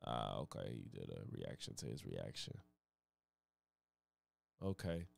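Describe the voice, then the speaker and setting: A man's voice: a bass voice, sing-song, unhurried, creaky. A man hosting a live stream, chatting loosely and profanely in a rambling way. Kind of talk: casual live-stream reaction chat.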